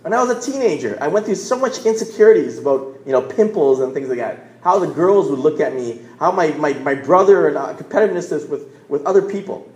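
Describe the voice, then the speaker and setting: A man's voice: fairly high pitch, animated, fast talker, darkish tone. A man, preaching a sermon in a conversational storytelling way. He often restarts words and checks in with "right?". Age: 40s. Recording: roomy echo.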